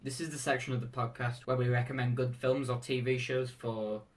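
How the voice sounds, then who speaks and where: A man co-hosting a film podcast, calm and measured, weighing opinions and leading into the next segment. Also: mid-range voice. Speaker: podcast co-host. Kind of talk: casual film chat.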